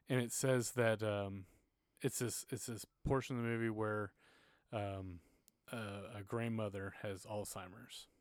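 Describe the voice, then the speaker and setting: A man's voice: lowish voice, no echo, clean studio sound. A man from Texas, without a Texas accent, telling an earnest, self-deprecating story in a casual faith conversation.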